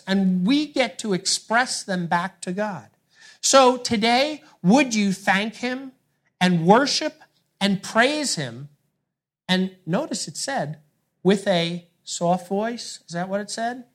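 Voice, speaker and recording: A man's voice: high voice, a bit bright. A male pastor preaching a sermon in an earnest way, putting rhetorical questions to his congregation.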